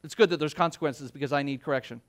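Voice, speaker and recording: A man preaching a sermon, retelling scripture in his own words and acting out the speakers in lively voices. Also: on the high side, racing. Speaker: pastor.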